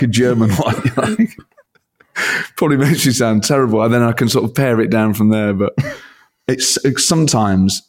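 A male comedian and impressionist chatting in an interview, excitable and self-deprecating, laughing often. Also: mid-range voice, husky. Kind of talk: casual interview chat.

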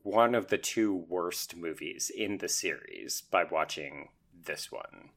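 A man's voice: sits low, expressive, takes it slowly, gravelly, fairly bright tone. A man co-hosting a podcast in casual chat, wry and opinionated, with dry teasing. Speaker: podcast co-host.

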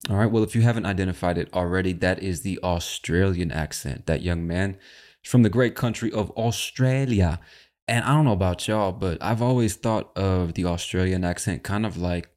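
A man hosts a casual English-learning podcast, chatting directly to the listener in an animated, friendly way. His voice is fairly low. His pitch often jumps up for emphasis. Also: moderate pace. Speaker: podcast host and English teacher.

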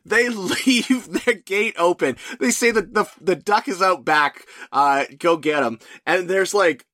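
A man's voice: high voice, unhurried, sharp tone, no echo, clean studio sound. A man co-hosting a podcast in casual chat, incredulous and laughing as he swears his way through the film's absurd moments. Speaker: podcast co-host.

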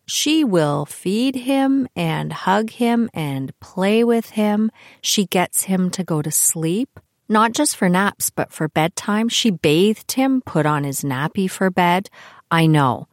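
An older woman hosting her own podcast, talking in a chatty, animated way about her family. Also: slow pace, dry recording, studio quality. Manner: chatty and animated, with swings in pitch. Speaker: podcast host. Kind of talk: casual solo podcast monologue.

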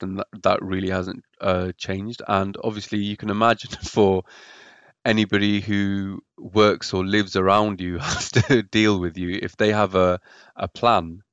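Deep-voiced man, hesitant and halting. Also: fairly bright tone, no room sound, dull audio. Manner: hesitant, repeats words while searching. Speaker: podcast guest. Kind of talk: personal story in a podcast interview.

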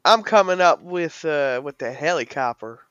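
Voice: mid-range voice, lively intonation, moderate pace, a bit bright, smooth, no echo, lo-fi sound. A player in a tabletop game, chatting enthusiastically and laughing along. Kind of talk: casual tabletop play.

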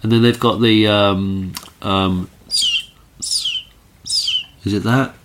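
A man's voice: fairly low pitch, fairly even intonation, slow, very noisy. A man co-hosting a podcast, chatting casually and playfully, joking with his co-host. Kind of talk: casual chat. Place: caravan.

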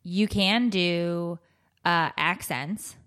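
A woman co-hosting a podcast, encouraging and teasing, quick to reassure her friend. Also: lowish voice, a bit bright. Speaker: podcast co-host. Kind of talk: casual chat.

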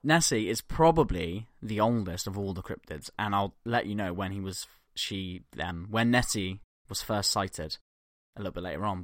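A man's voice: lowish voice, a bit bright, no room sound, clean studio sound. A man co-hosting a podcast in casual banter, profane and jokey, laughing often. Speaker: podcast co-host.

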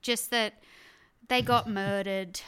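A woman's voice: mid-range voice, steady tone, slow pace, sharp tone, clear, resonant tone. A woman comedian playing a quiz, chatty and rambling, often amused. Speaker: comedian contestant. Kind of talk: casual comedy banter.

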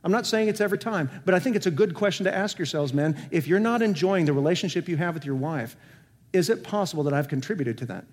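A man's voice: fairly high pitch, expressive, quick pace. Earnest preacher man in a reverberant church. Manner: earnest preaching with rhetorical questions, swinging between emphatic and soft. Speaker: senior pastor. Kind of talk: sermon. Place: church sanctuary. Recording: long hall reverb.

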